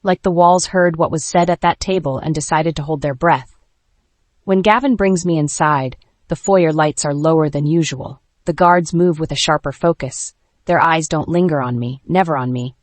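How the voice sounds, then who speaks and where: A woman narrating a first-person dark romance audiobook in a measured, tense way. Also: low voice, no echo.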